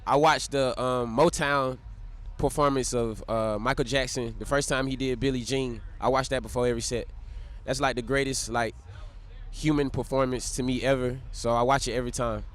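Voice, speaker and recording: A man's voice: medium pitch, steady tone, moderate pace. A man musician talking candidly and enthusiastically in a festival interview. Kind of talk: casual festival Q&A.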